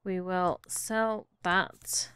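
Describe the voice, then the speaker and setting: A woman's voice: fairly low pitch, steady tone, drawn-out words, a bit bright, clear, resonant tone. A woman giving casual commentary on a life-simulation game, chatting fondly to her characters as she plays. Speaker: gaming YouTuber. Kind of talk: casual Let's Play commentary.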